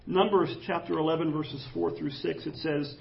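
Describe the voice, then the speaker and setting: High gravelly-voiced preaching man. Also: normal speed, highs cut off. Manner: animated, jokey, acts out quoted voices. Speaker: pastor. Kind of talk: sermon. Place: church.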